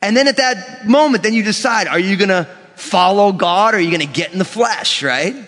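A man preaching a sermon as pastor, animated and acting out quoted voices. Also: high-pitched, fairly quick. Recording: long church reverb.

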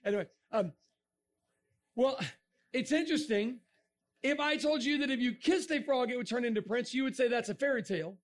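A middle-aged man giving a lively creationist talk to a young audience, joking and asking the crowd questions. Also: extremely high pitch, fairly quick, pauses often. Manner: animated, asks the crowd questions, jokes. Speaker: creationist speaker.

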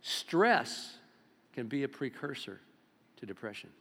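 A man in his seventies preaching a sermon as pastor, swinging between loud exclamations and hushed low-key talk. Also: sing-song, a little slow. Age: 70s. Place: church sanctuary. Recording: long reverb of a church hall.

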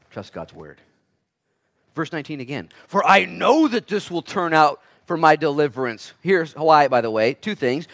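A man preaching from the pulpit, his voice sitting a little high for a man. He drops to a hush and then climbs back up loud, and he acts out the people he quotes. It sounds like a live sermon through a church mic. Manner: preaching with wide swings from hushed to loud, acting out quoted voices. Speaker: pastor.

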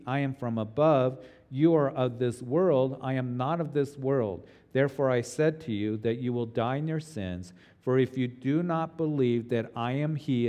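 A middle-aged male pastor preaches an earnest, emphatic sermon in a mellow, warm voice. His words ring out with a long reverb, as in a big church sanctuary. He teaches steadily and often restarts a phrase to press his point. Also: mid-range voice. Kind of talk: expository sermon.

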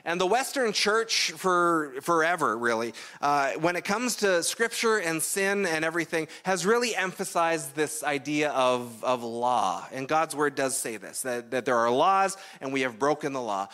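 A man from Canada delivers a sermon in a relaxed, explanatory manner, as if talking the congregation through an idea. His voice sits somewhat high for a man. He often pauses to check in with a quick "right?". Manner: conversational, explanatory preaching with frequent "right?" asides. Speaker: pastor.

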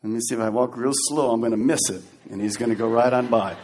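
A male pastor preaching a sermon in an animated, joking manner, acting out scenes as he goes. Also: medium pitch, fast talker, big-room sound, slight background noise.

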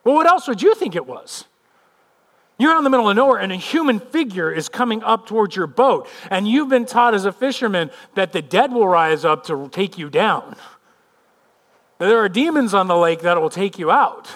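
A man's voice: high voice, fairly quick. A male pastor preaching a sermon, telling a scene vividly and then speaking earnestly and personally. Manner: animated storytelling, vividly retelling a scene; earnest and personal when turning to his own life.

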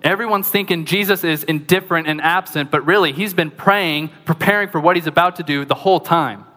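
Man, pastor, conversational sermon, lively asides, bright voice, long hall echo. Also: fairly high pitch, fairly quick.

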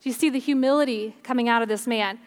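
A woman's voice: fairly high pitch, fast talker, clean tone. A woman preaching a sermon at a church service in an earnest, conversational way.

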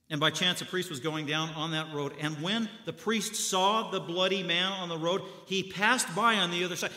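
A man preaching a sermon, telling the story dramatically with sudden loud bursts and hushed drops. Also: a little high, a little fast, hardly any pauses, reverberant, in a large hall.

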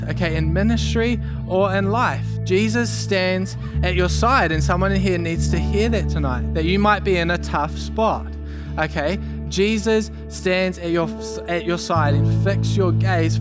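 A young man from New preaching a sermon, telling a story with jokes in an animated way. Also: high-pitched. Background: band playing softly.

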